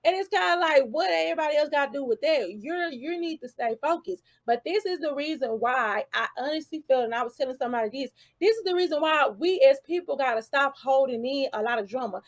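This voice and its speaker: A woman's voice: sits high, lively intonation, brisk, few pauses. A woman hosting her own channel, giving casual commentary full of rhetorical questions and asides.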